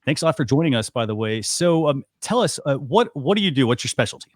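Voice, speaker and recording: A man's voice: mid-range voice, big pitch swings, fast. Guy hosting a talk show, easygoing, lots of ums, dry mic, nothing roomy. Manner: casual, loose, many fillers. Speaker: host.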